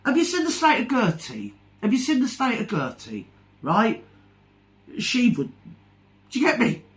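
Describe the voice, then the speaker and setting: A woman delivering a scathing, sarcastic rant to camera, calling her target "darling" again and again. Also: mid-range voice. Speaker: vlogger. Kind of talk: ranting commentary vlog.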